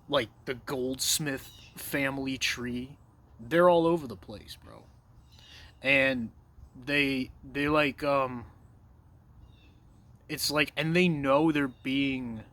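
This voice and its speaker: A man's voice: medium pitch, a bit bright, slight background noise. A man talking to camera in a loose, rambling monologue, cursing freely and calling the listener bro and dude. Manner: loose, profane, says "bro" and "dude" a lot; self-assured and digressive, trails off mid-thought. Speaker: vlogger.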